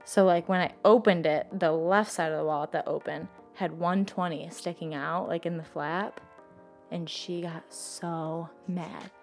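A woman's voice: lowish voice, fairly even intonation, a little slow, faint music behind. A young woman telling a personal story in casual talk, rambling and saying "like" constantly. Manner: says "like" constantly, rambling and emotional. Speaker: interviewee telling her story.

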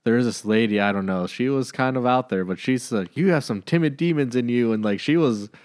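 A man co-hosting a casual Bible study chat, a lively storyteller who laughs easily. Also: mid-range voice, a little fast, no echo, clean studio sound. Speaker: co-host discussing scripture.

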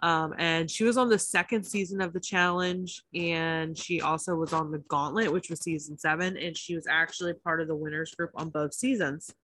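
Low-voiced woman podcast co-host. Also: normal speed, hardly any pauses, dry recording. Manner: chatty, swears freely, animated asides. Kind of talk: casual chat about reality TV.

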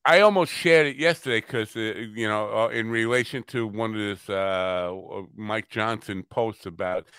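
A man's voice: lowish voice, normal speed, fairly bright tone, clean tone, no echo. A man hosting a podcast in casual chat, blunt and given to swearing. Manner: blunt and profane, mutters asides. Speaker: podcast host.

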